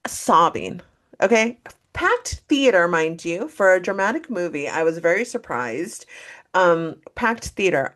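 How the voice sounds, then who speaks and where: A woman co-hosting a casual pop culture podcast, gushing and animated, swearing freely as she tells a story. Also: fairly low pitch. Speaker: podcast co-host.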